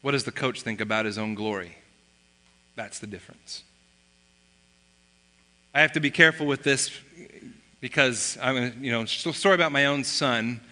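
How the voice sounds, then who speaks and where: A man's voice: medium pitch, normal speed, long pauses, bright, forceful tone. A man preaching a sermon as pastor, telling stories in a conversational way and acting out bits of family dialogue. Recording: long reverb of a large hall.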